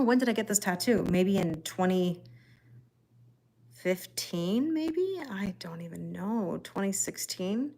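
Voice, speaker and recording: A woman reading tarot live and chatting with viewers in a rambling way, laughing often. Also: medium pitch. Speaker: tarot reader. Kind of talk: live-stream chat reading viewer comments.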